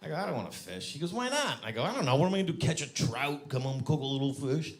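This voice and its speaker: A man's voice: medium pitch, rapid-fire. A man doing stand-up on a club stage, acting out conversations with his friend. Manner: animated, acts out both sides of conversations. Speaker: stand-up comedian. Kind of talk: stand-up comedy.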